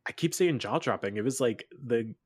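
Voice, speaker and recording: Man, podcast host, casual film chat, animated, laughs often, dry mic. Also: mid-range voice, moderate pace, breathy edge, dry recording. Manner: animated, laughing, acts out his own reactions.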